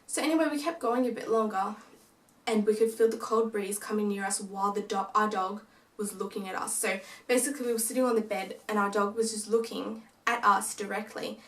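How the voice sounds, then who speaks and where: A young woman vlogger casually tells a ghost story in an animated way, acting out the lines her family said. Her mid-range voice moves fairly quickly. She sits away from the mic in an echoey room.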